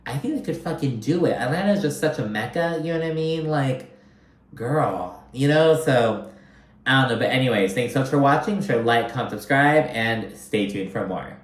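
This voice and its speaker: A man hosts a casual reality TV recap, talking in a loose, animated and profane way. His voice sits at a middling pitch. The recording carries a noticeable room echo. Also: moderate pace. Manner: profane, animated, chatty, often acts out quotes. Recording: echoey room.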